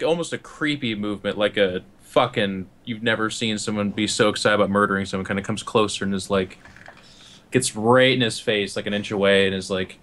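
A man playing a tabletop game, describing his character's actions in an animated, joking way. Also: on the low side. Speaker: player. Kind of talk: casual tabletop role-play.

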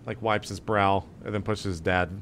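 A man taking part in a tabletop game, describing his character. He talks haltingly, restarting phrases. His voice is on the low side, with a faint rumble in the background. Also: flat delivery, a bit bright. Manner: halting, hesitant. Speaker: player.

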